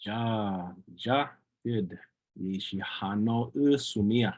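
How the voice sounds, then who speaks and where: A man teaching an online language class over a video call, patiently repeating words slowly for practice. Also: fairly low pitch, darkish tone, breathy edge.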